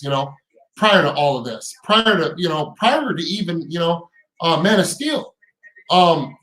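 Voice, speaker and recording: A man's voice: on the high side, fairly bright tone, echoey room, poor audio. A man hosting a casual live stream, talking in heated, profane bursts with repeated words and rising rhetorical questions.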